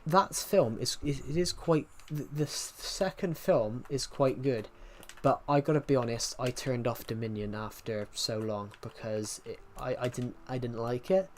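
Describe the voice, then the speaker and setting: A man's voice: medium pitch, normal speed, hardly any pauses, a little mellow, soft background music. A young British man chatting casually on a livestream, rambling with many restarts and answering viewer comments. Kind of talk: casual stream chat.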